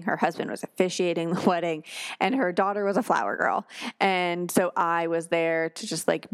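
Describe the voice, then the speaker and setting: A woman's voice: on the low side, clear, resonant tone, dry recording, studio quality. A woman hosting a podcast, telling personal stories in a loose, chatty way with lots of fillers and self-corrections. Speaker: podcast host. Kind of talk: casual storytelling.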